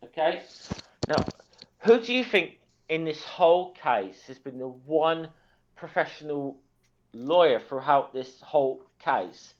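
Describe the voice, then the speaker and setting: An emphatic guest presses his point, swearing and going over it again and again. His pitch moves around a lot. The audio is dull and lo-fi. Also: lively intonation, slow pace. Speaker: guest on the stream. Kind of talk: casual argument.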